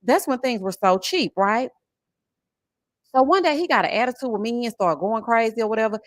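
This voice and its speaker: A woman in her forties chatting on a livestream, telling an animated, expressive story and thanking viewers. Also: fairly high pitch, a little fast, dry recording. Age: 40s. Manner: animated, expressive storytelling with chat shout-outs. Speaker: livestream host. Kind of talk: casual livestream chat and story time.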